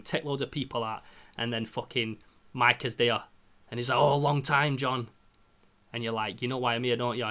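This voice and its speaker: A man's voice: mid-range voice, sharp tone. A young man, retelling a game plot in casual podcast chat, swearing often and mimicking gunfire. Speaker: podcast host.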